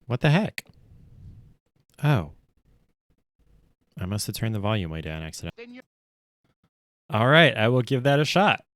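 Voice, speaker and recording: A man's voice: mid-range voice, big pitch swings, unhurried, pauses often, fairly bright tone, no echo, clean studio sound. A man streaming casually while he stitches, rambling along with self-deprecating asides. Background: faint lo-fi music.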